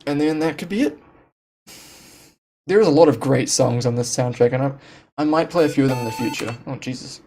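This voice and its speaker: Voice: mid-range voice, a little fast, pauses often, a little mellow, faint music behind. A game streamer chatting casually on a home stream, rambling with restarts and frequent laughs. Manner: rambling, laughing, self-deprecating. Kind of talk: casual live-stream chat. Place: home room.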